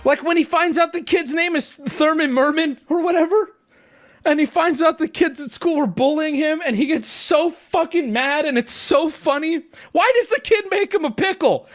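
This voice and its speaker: Animated streamer man ranting to chat. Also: very high voice, normal speed, soft background music. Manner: animated, swings from mock outrage to joking. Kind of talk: casual rant to chat.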